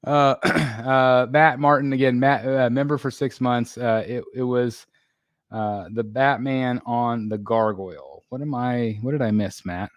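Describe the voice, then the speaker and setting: A tired middle-aged man hosts a live stream, reading out viewer comments as he rambles. He clears his throat now and then and leans on fillers. His voice sits at an ordinary pitch and sounds dry and close. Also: steady tone, a little slow, no echo.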